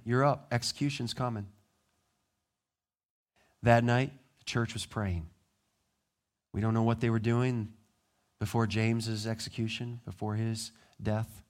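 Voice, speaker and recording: A male pastor preaching a sermon, telling the story with lively, animated delivery and acting out the people in it. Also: medium pitch.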